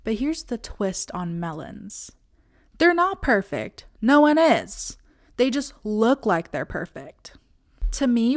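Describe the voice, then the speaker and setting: A young woman talks casually to her camera at a middle pitch. She is playful and lively, and she slips into her friends' voices now and then. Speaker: vlogger.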